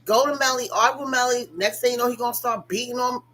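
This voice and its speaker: A woman's voice: a little high, steady tone, rapid-fire, fairly bright tone, poor audio. A woman giving blunt, profane casual gossip commentary on a reality TV show, talking straight to her viewers.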